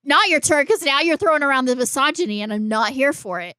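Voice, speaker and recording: This horror podcast co-host has a high, pushed and bright voice, animated and fast, captured at studio quality with no echo. In casual chat she teases, argues and curses.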